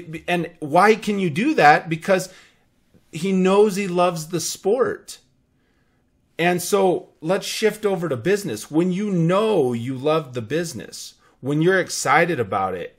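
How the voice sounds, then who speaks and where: Energetic man giving a motivational talk. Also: a little high. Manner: energetic, repeats words and restarts, tells anecdotes. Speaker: podcast host.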